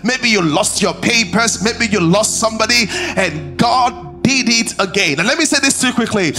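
A man's voice: high-pitched, expressive, normal speed, bright, forceful tone, soft background music. A male pastor preaching a sermon in a church service, calling for responses from the congregation and repeating phrases for emphasis.

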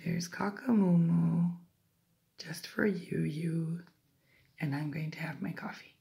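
An older woman, a grandmother, reading a picture book aloud to a small child, gentle, with whispered asides. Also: fairly low pitch, slow pace, vocal fry.

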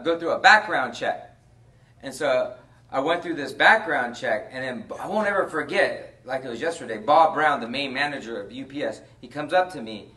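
A man preaching as a pastor in a conversational storytelling way, sometimes dropping quiet and slow. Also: on the high side, far from the mic. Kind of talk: sermon. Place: church.

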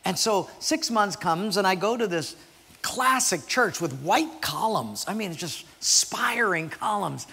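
A man's voice: high voice, unhurried, creaky, slightly rough, long reverb tail. A man, a pastor, preaching a sermon and telling stories with acted voices. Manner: storytelling with acted voices, animated. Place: church sanctuary.

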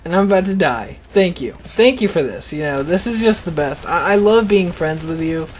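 A man's voice: high voice, lively intonation, normal speed, slight background noise. A young man rambling and joking as he comments on his own gameplay, often laughing at himself. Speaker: gaming channel host.

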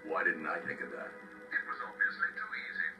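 An actor playing a grim masked male vigilante hero in a video game, gruff and clipped, heard as game audio under music. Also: sits low, sing-song, fairly quick. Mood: determined.

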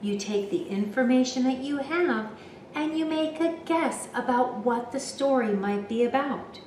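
A woman's voice: high-pitched, lively intonation, a little slow, a little mellow, slight background noise. A woman teacher reading a picture book aloud and explaining it to children. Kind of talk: children's read-aloud lesson. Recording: roomy, from a distance.

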